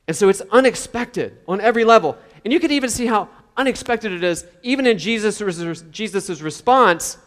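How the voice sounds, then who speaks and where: Male pastor, casual sermon delivery, slightly high voice, long hall reverb. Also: a bit bright. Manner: conversational, acts out quoted voices.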